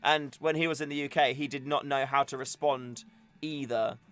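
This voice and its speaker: A man's voice: mid-range voice, steady tone, moderate pace, a bit bright. A young man hosting a casual livestream, chatting and joking in a rambling way. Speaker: livestream host. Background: faint music.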